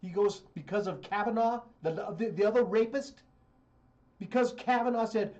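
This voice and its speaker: A man's voice: sits high, normal speed, darkish tone, dull audio. A man talking politics on a radio show, blunt, heated and mocking.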